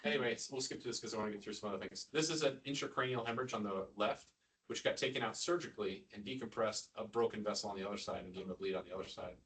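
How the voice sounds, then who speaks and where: Low-voiced guy teaching a class of nurses, mic kinda far off, cracks jokes and keeps asking questions. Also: very fast, fairly bright tone. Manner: casual, quizzing the room, frequent asides. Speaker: neurosurgery lecturer. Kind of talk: joking live lecture to nurses. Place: hospital lecture room with an audience. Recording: distant mic, audience murmur.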